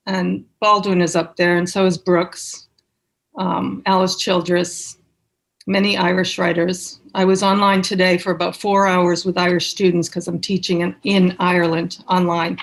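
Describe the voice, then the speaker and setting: A woman poet from Boston with a Boston accent, giving a measured, unhurried poetry reading with small asides, over a video call from home. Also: on the low side.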